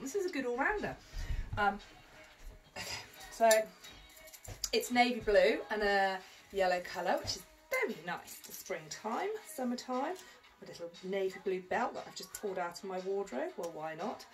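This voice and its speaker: A woman who runs a clothes shop, chatting through a dress try-on in a rambling, self-mocking way with lots of ums. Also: mid-range voice. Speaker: boutique owner. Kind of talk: casual fashion try-on vlog.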